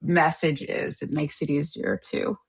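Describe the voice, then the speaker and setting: A woman with a notably low voice talks in a relaxed interview as the guest. She is an actor from Canada and speaks animatedly, laughing often and restarting sentences as her thoughts tumble out. Her delivery is casual and conversational. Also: a little slow, vocal fry, breathy edge.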